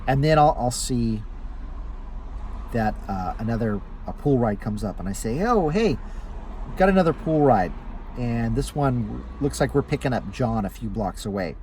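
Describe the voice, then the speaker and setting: Man telling driving stories, animated pitch, acts out passengers, faint car noise behind. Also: normal speed, rough recording. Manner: acts out passengers' lines in raised voices. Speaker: rideshare driver and vlogger. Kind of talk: casual storytelling to camera. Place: inside a car.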